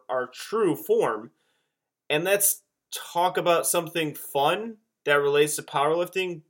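Rambling higher-voiced podcast guy. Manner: rambling, animated storytelling. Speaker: podcast co-host. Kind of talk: casual chat.

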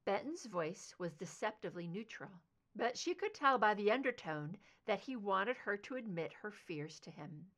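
A woman reading fan fiction aloud, narrating in an expressive, emotive way. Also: mid-range voice, moderate pace. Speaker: audiobook reader.

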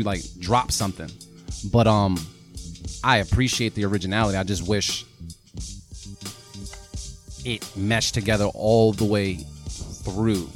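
Laid-back low-voiced man critiquing beats. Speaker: podcast co-host reviewing beats. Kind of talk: casual chat.

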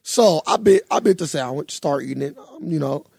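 A young man co-hosting a podcast, telling a story in a casual, animated way and swearing freely. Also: fairly high pitch, brisk, gravelly, husky, no room sound, clean studio sound. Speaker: podcast co-host. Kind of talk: casual chat.

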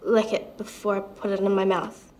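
A woman playing an auditioning actress in a comedy sketch, speaking in a hesitant, halting way. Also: mid-range voice, little pitch movement, a little mellow, low-quality recording.

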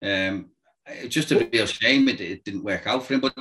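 A former football manager telling lively anecdotes in casual chat, acting out voices and noises and laughing often. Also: male voice, lowish voice, moderate pace, low-quality recording.

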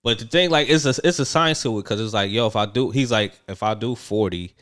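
A man chatting casually as a podcast co-host, relaxed and slangy, explaining his points. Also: medium pitch, fast talker. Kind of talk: casual chat.

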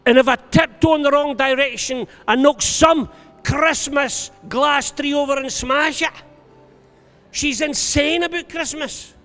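A male preacher telling stories to a congregation, building to shouted calls to praise. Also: extremely high pitch, fairly even intonation, a little slow. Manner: storytelling, rising to shouted exhortation. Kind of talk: sermon. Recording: long hall reverb with faint music.

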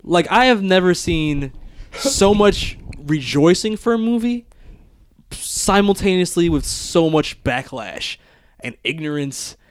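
A young man hosting a casual podcast chat, playful and quick to laugh. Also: sits high, smooth, no echo. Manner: laughs often, animated and playful. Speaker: podcast host.

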